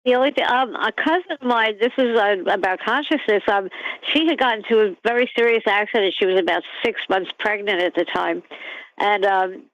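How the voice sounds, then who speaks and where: A woman's voice: medium pitch, fairly quick, no echo. A woman calling into a talk show by phone, chatty and a little hesitant as she talks. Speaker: caller. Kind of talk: casual phone-in conversation. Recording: dull phone line.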